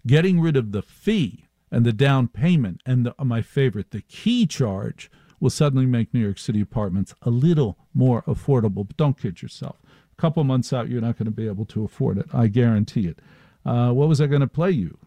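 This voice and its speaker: A man's voice: medium pitch, lively intonation, normal speed, warm tone, no room sound, clean studio sound. A male radio talk show host riffing sardonically through a live monologue. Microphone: studio microphone.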